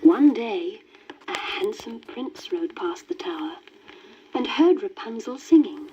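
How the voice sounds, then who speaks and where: Lady reading a kids' story, warm mellow voice that sways up and down, dull hissy old record. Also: a little high, animated, takes it slowly. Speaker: story reader. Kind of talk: scripted storybook narration. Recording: dull worn vinyl record with faint hiss.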